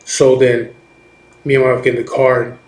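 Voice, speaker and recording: A middle-aged man, a biker, tells a story in rough, profane, rambling talk, circling back over his words. His voice sits at an ordinary pitch and bounces off the walls of an echoey room. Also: little pitch movement, normal speed, darkish tone. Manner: profane, rambling, with many restarts and "you know what I mean". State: recovering from chemotherapy. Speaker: biker telling a personal story. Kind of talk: casual storytelling.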